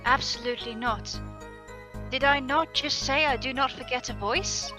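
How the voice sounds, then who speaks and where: A woman voicing a graceful, composed female singer witness in a fan dub of a game, speaking softly and with measured insistence. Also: high-pitched, over music, lightly acted. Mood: insistent. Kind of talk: casual fan voice-over of a game.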